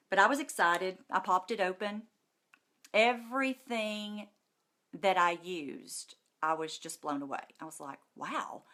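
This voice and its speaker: A woman's voice: mid-range voice, sharp tone. A middle-aged woman, talking straight to the camera in an emotional, gushing testimonial, close to tears and repeating herself for emphasis. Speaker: vlogger.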